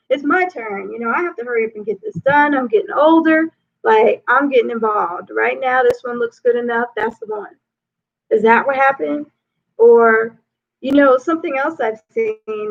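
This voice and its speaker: Gravelly, phone-thin woman life coach. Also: fairly high pitch. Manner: conversational, peppered with "you know". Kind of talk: relationship advice talk. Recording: tinny phone-like sound.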